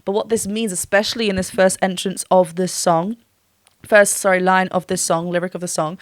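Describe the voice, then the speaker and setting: A woman's voice: fairly low pitch, steady tone, moderate pace, no echo, studio quality. A woman working as a vocal coach, giving a gushing reaction and analysis with frequent laughs and short sung demo notes.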